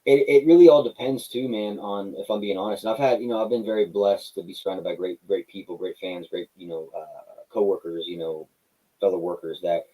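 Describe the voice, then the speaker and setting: A fast-talking man from Texas chatting as a wrestling guest. His voice sits low, with a dark, husky edge. He tells animated stories, acts out both sides of conversations, and keeps tossing in "man" and "brother". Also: poor audio. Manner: animated storyteller, acts out dialogue, says "man" and "brother" a lot. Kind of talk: casual interview chat.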